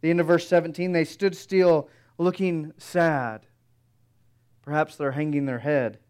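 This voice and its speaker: A man preaching an expository sermon in a measured, reflective way, with frequent rhetorical questions. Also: on the high side, a little mellow, clean tone.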